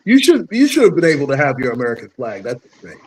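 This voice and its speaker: A man's voice: mid-range voice, wildly swooping pitch, fast, slightly rough, poor audio. A man co-hosting a casual stream, teasing the host with short reactive remarks. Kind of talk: casual chat.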